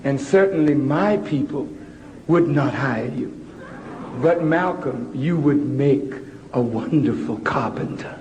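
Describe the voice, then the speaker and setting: A man voicing a condescending, patronizing schoolteacher in a slow, mock-gentle tone. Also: mid-range voice, dull audio, a little hiss or hum, voice pushed down, natural voice. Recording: long hall reverb with crowd.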